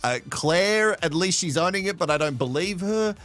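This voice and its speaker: Laughing host, lively high voice. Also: male voice, normal speed, faint music behind. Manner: laughs often, swears, sarcastic. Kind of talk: live reality-show recap.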